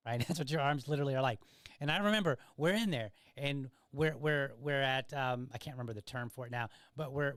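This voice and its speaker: A middle-aged man hosts a podcast, telling stories in a casual monologue and often checking in with "right?". His medium-pitched voice is recorded at studio quality with no echo.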